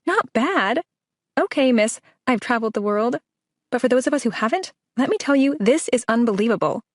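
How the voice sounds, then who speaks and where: A woman reading an audiobook, voicing a bubbly, excitable young woman friend who gushes and teases. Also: high-pitched, brisk, no echo, clean studio sound, pitched above the performer's own voice. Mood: excited. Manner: gushing, teasing, exclamatory. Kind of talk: audiobook character voice.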